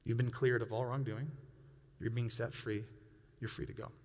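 A man voicing a calm male jail guard who flatly tells a prisoner he is free, speaking low and quiet, recorded in a reverberant church hall. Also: normal speed, natural voice. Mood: matter-of-fact.

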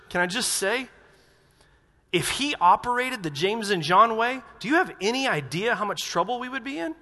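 Man preaching a sermon, high voice, bright tone, animated, sudden loud bursts, reverberant church hall. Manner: animated, acts out quotes with sudden loud outbursts. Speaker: pastor. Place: church auditorium.

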